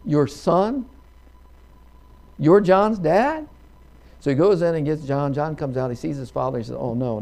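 A middle-aged man preaches in a gravelly voice, spinning a folksy story. He acts out the characters and now and then erupts into a loud hallelujah. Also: mid-range voice. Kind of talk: sermon with storytelling.

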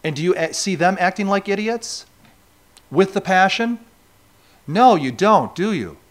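A pastor from New York State delivers a sermon in an easy, conversational way and keeps asking his congregation questions. His voice sits a little high for a man and swings widely in pitch. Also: measured pace. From New York State, USA. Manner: animated, conversational preaching with rhetorical questions to the congregation.

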